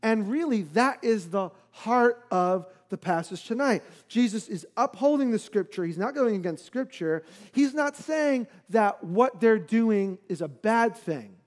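A man's voice: sits high, expressive, unhurried, hardly any pauses. A man preaching a sermon, explaining scripture in a conversational teaching manner with occasional fillers. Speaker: pastor.

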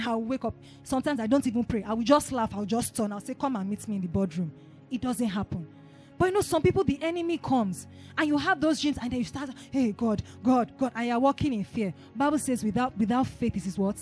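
Brief: woman pastor, high voice, call-and-response preaching, faint music behind. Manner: rising to shouted declarations. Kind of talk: sermon.

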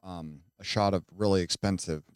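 A man on a casual podcast, telling a story in an animated way. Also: sits low, normal speed, smooth, no room sound, clean studio sound. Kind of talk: casual chat.

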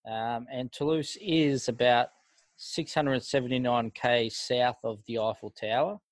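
A man's voice: mid-range voice, fairly even intonation, unhurried, no echo. A man co-hosting a podcast in casual, blunt, slangy banter. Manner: laid-back, blunt, slangy. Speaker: podcast co-host.

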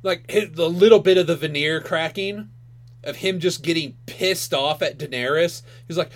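Excitable high-voiced man, swearing freely. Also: moderate pace. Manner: profane, excitable, acts out quotes. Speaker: podcast co-host. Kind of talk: casual chat.

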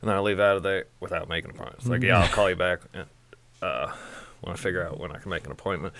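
A man with a very deep voice tells a self-mocking story in a relaxed, easygoing way. His voice is close and dry, with no room echo. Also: rapid-fire. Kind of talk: casual chat.

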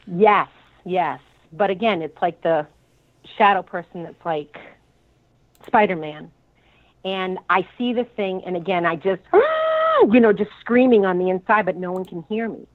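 A woman with a Boston accent calling in, retelling a frightening experience in an animated, dramatic way. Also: on the low side, measured pace. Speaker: caller. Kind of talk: call-in storytelling. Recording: tinny phone line.

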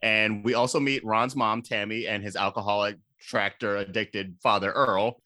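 A man casually recapping a movie for a comedy podcast, animated and laughing, with sudden high-pitched outbursts. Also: moderate pace, no room sound, studio quality.

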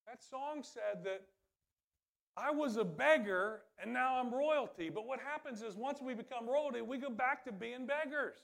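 A man's voice: very high voice, normal speed, creaky, fairly bright tone. A man preaching a sermon in a conversational way that builds to emphatic calls. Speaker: pastor.

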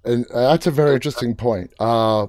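A man's voice: mid-range voice, brisk, darkish tone, dry recording, studio quality. A man interviewing an actress, asking direct questions with enthusiasm and the odd filler. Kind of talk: casual interview.

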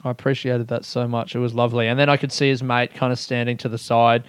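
A young man talking on his own podcast, rambling and swearing, laughing at himself between thoughts. His voice is smooth and full, with a mid-pitched tone. The sound is close and dry, with no room around it. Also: little pitch movement, quick pace, no echo. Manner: rambling, swears, laughs often, self-mocking. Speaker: podcast host. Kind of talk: casual solo podcast chat.

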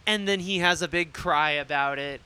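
Bright, clear-voiced man in rambling chat. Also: fairly high pitch, moderate pace. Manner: rambling, swears freely. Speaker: podcast co-host. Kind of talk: casual chat.

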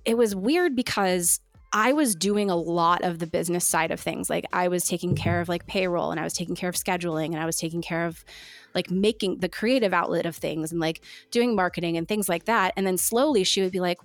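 A woman telling her own story in casual conversation, candid and animated, now and then slipping into the voices of the people she quotes. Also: on the low side, brisk, dry recording. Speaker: guest sharing her story.

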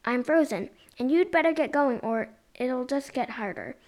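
Bossy young schoolgirl, matter-of-fact and firm, high voice, read by a woman. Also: expressive, moderate pace, a little mellow. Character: bossy fifth-grade girl classmate.

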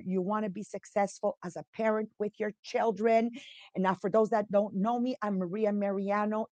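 A woman's voice: medium pitch, a little mellow, dry recording. A woman in her fifties from Montreal with an English accent that carries Italian and French traces, hosting a casual motivational podcast in a chatty, emphatic way and asking the audience questions. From Montreal, Quebec. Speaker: podcast host and entrepreneur.

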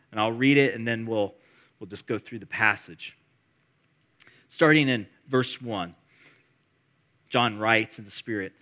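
A male pastor delivering a sermon with a bright, forceful tone. He reads scripture with swelling emphasis, then drops to a hushed voice in prayer. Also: mid-range voice. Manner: reads scripture with rising emphasis, prays softly.

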